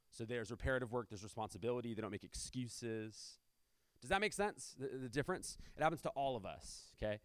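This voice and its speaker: A man's voice: mid-range voice, animated, quick pace, dry recording. Conversational preacher man, dry sound. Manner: conversational, with rhetorical questions and asides. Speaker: pastor. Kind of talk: sermon.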